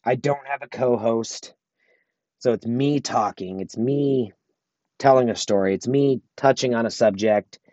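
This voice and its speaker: A man's voice: medium pitch, a little slow, darkish tone, dry recording, dull audio. A married man hosting his own podcast alone, talking earnestly and motivationally, repeating phrases for emphasis. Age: adult, married. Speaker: podcast host. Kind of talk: solo podcast monologue.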